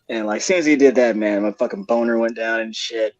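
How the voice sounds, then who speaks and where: A man's voice: mid-range voice, flat delivery, fairly quick, darkish tone, no echo. Rambling young man telling a story. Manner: rambling, laughing, heavy slang and swearing. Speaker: panelist. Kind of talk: casual storytelling. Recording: dull lo-fi live stream audio.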